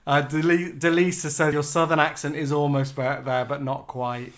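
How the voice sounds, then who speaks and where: A middle-aged English man co-hosts a podcast's casual live chat, reading viewer comments aloud and giggling often. His voice is fairly high and level, at a moderate pace.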